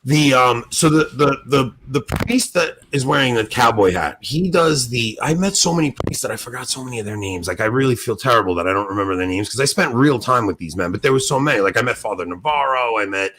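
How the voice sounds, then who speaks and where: A man co-hosting a podcast, telling stories in an excited, animated way and laughing often. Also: medium pitch, fairly quick, hardly any pauses, a little hiss or hum. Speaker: podcast co-host. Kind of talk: casual podcast chat.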